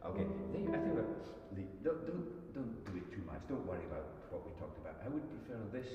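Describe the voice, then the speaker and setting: A man giving a guitar masterclass, coaching a student in a gentle, encouraging way and often restarting his sentences. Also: lowish voice, very animated, fast talker. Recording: distant mic, echoey hall, muffled sound, guitar music.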